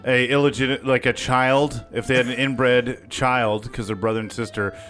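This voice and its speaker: A man's voice: mid-range voice, fairly even intonation, normal speed, a bit bright, soft background music. A man co-hosting a podcast in casual chat, rambling with many fillers. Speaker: podcast co-host.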